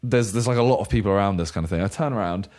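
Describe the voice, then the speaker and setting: A man's voice: fairly low pitch, racing, darkish tone. A man co-hosting a podcast, telling a story in a rambling, casual way and acting out what other people said. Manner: rambling, re-enacts others' lines in their voices. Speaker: podcast co-host.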